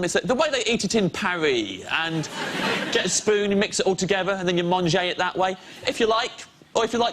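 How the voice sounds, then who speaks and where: A man doing deadpan stand-up comedy on a TV panel show, with a wry delivery. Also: high voice, a little hiss or hum. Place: TV studio with live audience. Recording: loud studio audience laughter.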